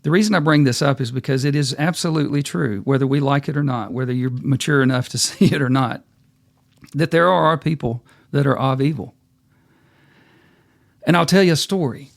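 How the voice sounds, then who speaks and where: A man with a gravelly voice tells a fable and turns it into a life lesson, plain-spoken and folksy. The sound is dry and close, with no room in it. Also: mid-range voice, a little fast, no room sound. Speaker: host and speaker. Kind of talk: storytelling talk with sermon-like lessons.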